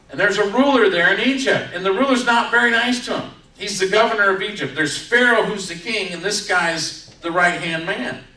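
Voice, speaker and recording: A man with a high, bright voice preaches a sermon, acting out the story's lines as he tells them. He sounds set back from the mic. His voice rings through a reverberant church sanctuary. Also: recorded from a distance, a little hiss or hum. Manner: storytelling with acted-out quotes. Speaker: pastor. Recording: echoey room from off-mic.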